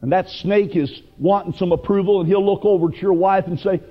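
A man preaching a sermon with fervent, emphatic delivery that rises to loud bursts. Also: high-pitched, fairly even intonation, a little fast. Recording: dull lo-fi broadcast recording.

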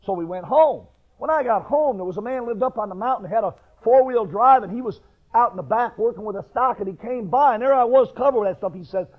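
A middle-aged pastor from northern New York, praying and then telling a homespun story in a sermon, building up to raised emphasis. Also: male voice, extremely high pitch, lively intonation, fairly quick. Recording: tinny phone-like radio recording.

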